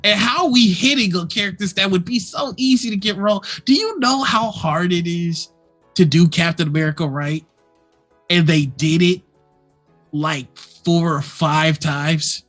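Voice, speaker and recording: Fired-up ranting co-host with faint music. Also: mid-range voice. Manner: fast, animated ranting with swearing and stammered restarts. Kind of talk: casual live-stream chat. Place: at home, neighbors heard outside.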